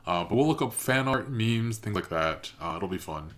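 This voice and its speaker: A man's voice: on the low side, animated, moderate pace, a bit bright. A man hosting a reaction channel, chatting casually and thinking aloud with lots of fillers.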